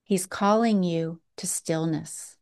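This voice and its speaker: Slow, earnest woman preacher. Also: on the low side, a little mellow, clear, resonant tone. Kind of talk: sermon.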